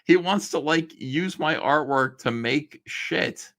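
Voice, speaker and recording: A man's voice: a little high, takes it slowly, a bit bright. A man casually reading old messages aloud on a stream and mocking them with a sarcastic, laughing manner. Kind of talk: casual commentary on a live stream.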